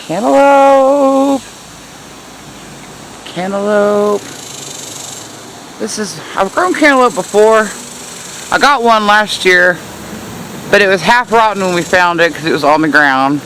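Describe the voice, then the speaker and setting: A woman's voice: medium pitch, unhurried, long pauses, fairly bright tone, slight background noise, low-quality recording. A woman giving a casual, chatty tour of her backyard garden in the heat, hot and sweaty and laughing at herself. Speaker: gardening vlogger.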